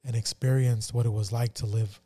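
A man co-hosting a faith podcast speaks in a somber, halting way, full of fillers. His voice is very dark and mellow, at an ordinary pitch. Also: fairly even intonation, husky. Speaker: podcast co-host. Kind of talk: casual personal testimony.

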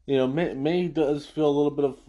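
A man's voice: a little high, fairly even intonation, fairly quick, warm tone, highs cut off. A man hosting a casual after-show, recapping an episode as an enthusiastic fan who rambles through the plot. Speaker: podcast host.

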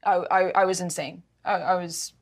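Her voice is lowish and husky, moving at a moderate pace, as she shares a personal story in casual chat. She sounds emotional and animated, frequently tripping over and restarting sentences.

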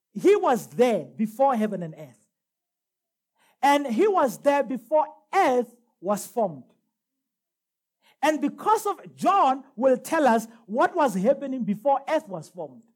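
Preaching a sermon with emphasis, a woman uses a high voice that dips and climbs. When she reads scripture aloud, she slows her delivery.

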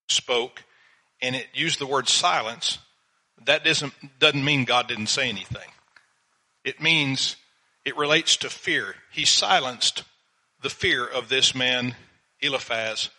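Slow, bright-voiced older man preaching. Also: mid-range voice, poor audio. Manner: slow, measured Bible reading and teaching. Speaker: pastor. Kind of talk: sermon.

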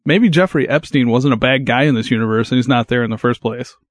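A man's voice: medium pitch, quick pace, no echo, studio quality. A man playing a tabletop game, joking and laughing often in casual chat. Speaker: player.

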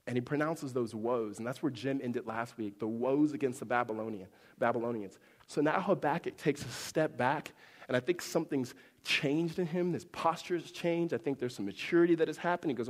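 In a large hall, a pastor preaches a sermon in a mid-range voice at a brisk pace. He's animated and conversational, acting out quoted voices with big swings up and down.

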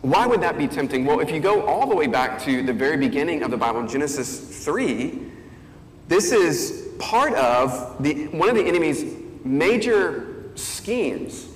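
A man's voice: fairly high pitch, sing-song, unhurried, a little hiss or hum. A male pastor giving a conversational sermon, thinking aloud with fillers and restarts. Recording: echoey hall, faint ambience.

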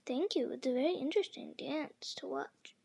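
A woman's voice: high-pitched, normal speed, creaky, darkish tone. A woman voicing the polite, timid young girl Alice in a storybook reading.

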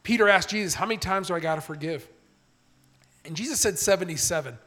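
A man's voice: high voice, fast, fairly bright tone. A middle-aged man preaching a sermon, telling a story in an earnest, conversational way. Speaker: pastor. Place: church stage.

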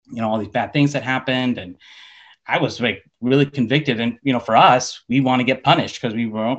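A man's voice: mid-range voice, a bit bright, muffled recording. A man telling a personal faith story in casual, rambling talk full of fillers. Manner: rambling, many fillers like "like" and "you know". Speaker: person sharing a faith testimony.

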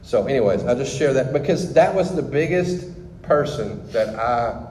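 A man's voice: mid-range voice, expressive, normal speed, dark tone, echoey room, in a large hall, slight background noise, rough recording. A man sharing his personal testimony with a group, talking candidly and conversationally with frequent restarts.

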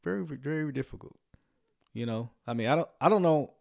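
A man giving casual livestream commentary on a sermon, sarcastic and rambling, often chuckling and filling pauses with "um.". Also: on the high side, animated, creaky, a little mellow. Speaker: online commentator reacting to a sermon.

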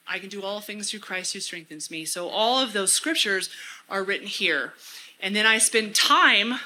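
A woman's voice: medium pitch, expressive, moderate pace, bright, forceful tone, a little hiss or hum, rough recording. A woman giving an earnest church talk, often repeating phrases for emphasis. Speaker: church speaker. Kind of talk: casual teaching talk.

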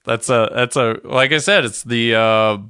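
A man's voice: medium pitch, steady tone, a little slow, bright, forceful tone, clean tone, no room sound, clean studio sound. A man co-hosting a podcast, recapping a TV episode in laid-back casual chat, swearing freely and leaning on fillers. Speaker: podcast co-host.

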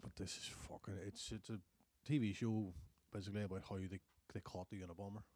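A young man, co-hosting a casual podcast chat and swearing freely as he gets animated. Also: on the low side, fast, slight background noise. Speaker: podcast co-host.

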